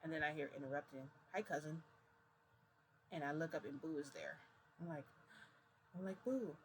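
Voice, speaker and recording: A woman's voice: sits low, steady tone, fast, a little hiss or hum, rough recording. A woman casually retelling a story, chatty and full of "I'm like". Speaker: vlogger.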